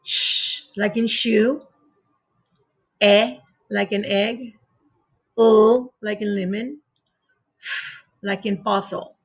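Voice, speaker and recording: A woman teaching a phonics lesson to young children, sounding out words letter by letter with deliberate pauses and patiently repeating each rule. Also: mid-range voice, fairly even intonation, breathy edge.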